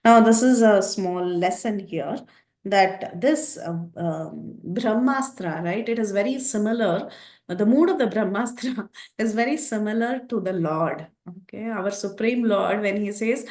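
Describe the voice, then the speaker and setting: A woman's voice: medium pitch, a little slow. Woman telling a scripture story. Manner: lively storytelling, acts out quotes. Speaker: scripture teacher. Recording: echoey room.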